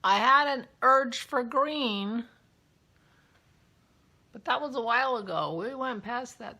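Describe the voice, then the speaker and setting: A woman's voice: on the high side, lively intonation, a little slow, gravelly, sharp tone, husky. A woman hosting a knitting vlog in a chatty, rambling way, often dropping to a whisper as she shows yarn. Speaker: knitting podcast host. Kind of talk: casual vlog chat while unboxing yarn.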